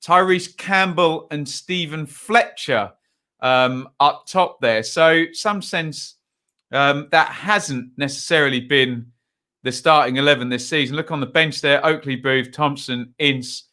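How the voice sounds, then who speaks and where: A man's voice: a little high, measured pace, pushed and bright. A young English man hosting a live football stream, chatting casually, reading out lineups and viewer comments with plenty of ums. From England. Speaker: football channel host.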